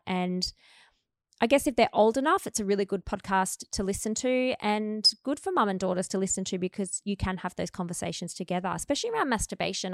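A woman in her forties with an Australian accent, hosting a podcast and talking candidly and frankly, lively when she retells family conversations. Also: mid-range voice, dry recording, clean studio sound. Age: 40s. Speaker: podcast host. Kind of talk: candid casual chat.

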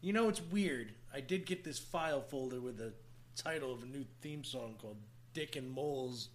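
A man's voice: mid-range voice, moderate pace, slight background noise. A man co-hosting a podcast in casual banter, teasing his guest and swearing often. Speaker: podcast co-host.

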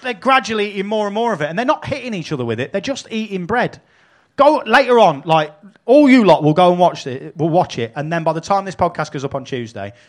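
A man hosting a live podcast, swearing and telling animated stories with laughter. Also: on the high side. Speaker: podcast host and wrestling promoter. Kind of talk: live podcast chat with an audience.

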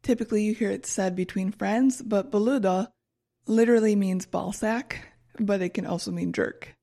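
A woman's voice: mid-range voice, normal speed, warm tone. A woman co-hosting a podcast in casual chat, reading from her notes and stumbling over foreign words. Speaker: podcast co-host presenting research.

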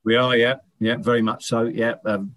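A man's voice: mid-range voice, little pitch movement, normal speed, a bit bright. A middle-aged man, a former footballer, chatting as an interview guest, telling rambling anecdotes with many restarts. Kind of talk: casual interview chat.

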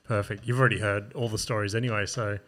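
A man's voice: fairly low pitch, steady tone, fast talker, a bit bright, slight background noise. A man with an Australian accent, co-hosting a podcast in casual chat, laid-back and self-mocking, with frequent swearing. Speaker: podcast co-host and comedian.

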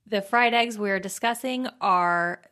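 A woman's voice: medium pitch, unhurried, bright, forceful tone. A woman hosting a podcast in casual chat, giggly and teasing as she reads out listener messages. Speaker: podcast host.

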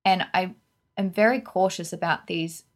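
A woman's voice: on the low side, normal speed. A woman, co-hosting a podcast and giving frank, opinionated film reviews in casual chat. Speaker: podcast co-host.

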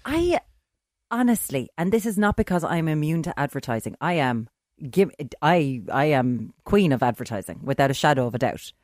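A woman, a podcast co-host chatting casually, trading dry, deadpan one-liners. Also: sits low, normal speed, no room sound. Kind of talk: casual chat.

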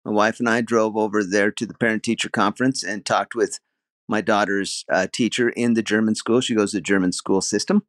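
A man's voice: lowish voice, steady tone, brisk, no room sound, studio quality. A man co-hosting a casual podcast chat, musing aloud and hedging with "I think" and "I don't know". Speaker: podcast co-host, comedian. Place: living in Germany.

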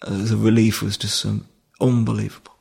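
Man, gravelly voice, flat delivery, emotional, halting, podcast guest. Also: lowish voice. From Durham, England. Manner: halting, emotional, many restarts. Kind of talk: personal storytelling in conversation.

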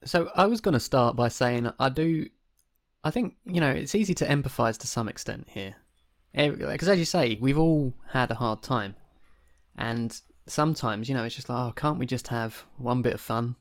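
A man's voice: mid-range voice, moderate pace. A man co-hosting a comedy advice podcast, telling a long, meandering story in a wry, understated way. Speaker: podcast co-host. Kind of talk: casual comedic advice chat.

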